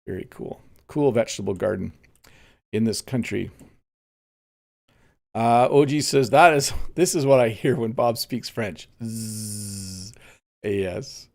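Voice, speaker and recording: Male English teacher, gravelly voice, easygoing live-stream lesson, explains vocabulary clearly, muses aloud with "um" and "let's see". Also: mid-range voice, darkish tone. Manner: unhurried, explains words plainly and reads viewer comments aloud; frequent "um" and "let's see" as he looks around. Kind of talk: relaxed live-streamed lesson while playing a game.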